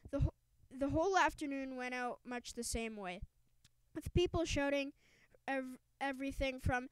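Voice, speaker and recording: A woman's voice: high-pitched, normal speed, dry recording, poor audio. A woman reading a children's book aloud in an emphatic storytelling lilt, now and then stumbling and restarting words. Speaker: audiobook reader.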